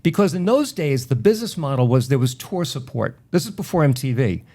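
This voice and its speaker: A middle-aged man from Long Island, a radio personality telling animated stories in a casual interview and acting out the voices of people he quotes. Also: mid-range voice, a little fast. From Long Island, New York.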